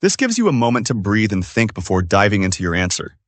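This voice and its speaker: A man co-hosting a scripted podcast for English learners. His mid-range voice swings widely in pitch as he explains tips in an upbeat way. The recording is dry and close, with no room sound. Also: huge pitch swings, quick pace, dry recording. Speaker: podcast co-host.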